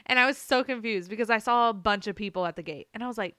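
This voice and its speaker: A woman's voice: on the high side, fast talker, pushed and bright, no echo, clean studio sound. A young woman hosting a podcast, animatedly telling a personal story, often laughing and swearing freely. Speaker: podcast host.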